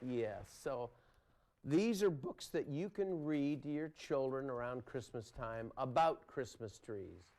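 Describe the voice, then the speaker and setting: A man from Toronto hosting a local kids' show, chatting in an affable way and answering with lots of quick yeses. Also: medium pitch, expressive, darkish tone. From Toronto, Canada. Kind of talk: casual studio chat with guests and viewers. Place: local public access TV studio.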